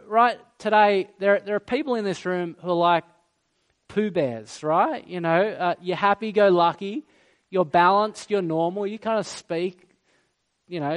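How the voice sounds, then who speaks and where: A man preaching from the front of a church, with a voice that sits a little higher than most men's. He talks in a lively, storytelling way with playful asides, and his delivery softens into earnest prayer. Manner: animated, playful storytelling that turns quiet and solemn in prayer. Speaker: pastor. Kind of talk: sermon and prayer.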